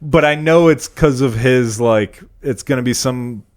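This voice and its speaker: A young male comedian chatting casually on a podcast, winding through long stories with plenty of swearing. His voice sits at an ordinary middle pitch. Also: measured pace, a little mellow. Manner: rambling, swearing, storytelling. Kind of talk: casual chat.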